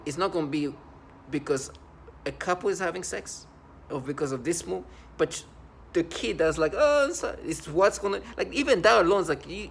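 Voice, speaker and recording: A man in his thirties giving a rambling, halting personal monologue to the camera in an aggrieved tone. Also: a little high, gravelly, slight background noise.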